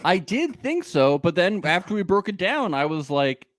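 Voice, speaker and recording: A man's voice: sits high, very animated, moderate pace, fairly bright tone, no room sound, studio quality. A man co-hosting a recap podcast in casual chat, laughing often and restarting his sentences as he talks. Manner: laughing, restarts and cuts himself off. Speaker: podcast co-host.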